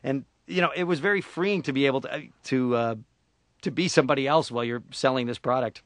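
A man's voice: medium pitch, brisk, a bit bright, no room sound. A man in his forties, a voice actor, chatting playfully and laughing often in a radio interview. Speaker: voice actor guest. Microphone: studio microphone.

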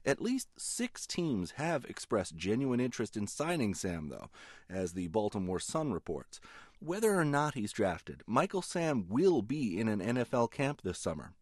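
A man delivering a radio news report in a measured, clear way. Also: mid-range voice, huge pitch swings, dry recording, clean studio sound.

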